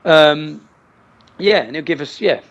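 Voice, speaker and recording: A man from Luton, talking as an interview guest in an animated way, often restarting and repeating words. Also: on the high side, a little slow, creaky. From Luton, England. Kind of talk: casual interview chat.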